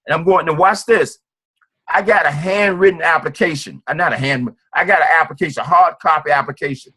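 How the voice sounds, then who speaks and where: A man giving an informal sales training talk, fast and acting out sales calls. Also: fairly high pitch, bright, forceful tone, breathy edge. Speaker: network marketing trainer.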